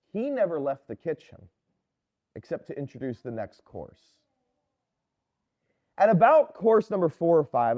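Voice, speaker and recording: A male priest preaching with a lively, swooping delivery and a slightly raised pitch. He tells stories in a chatty, conversational way. The recording sounds dull and lo-fi. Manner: conversational storytelling, animated. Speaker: Catholic priest. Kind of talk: sermon.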